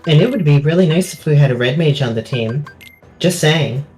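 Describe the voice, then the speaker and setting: A man's voice: on the high side, expressive, a little fast, a little mellow, faint music behind. A man in casual podcast chat, insistent and repeating himself as he makes his point.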